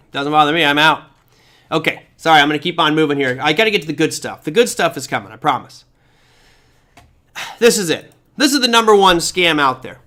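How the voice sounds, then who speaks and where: The host of this live online crypto trading class has a slightly high voice. Energetic and chatty, he reads viewer comments aloud while his screen is shared.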